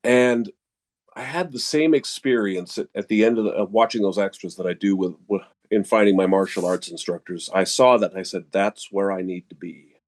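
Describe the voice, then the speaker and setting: Deep-voiced older man sharing. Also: normal speed, a little mellow. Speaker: martial arts student sharing. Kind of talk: casual sharing.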